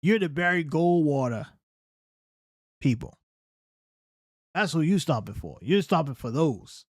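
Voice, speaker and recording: A man's voice: on the high side, lively intonation, measured pace, dry recording, clean studio sound. A man hosting a political reaction commentary, talking emphatically and often checking in with "right?". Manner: emphatic, keeps asking "right?".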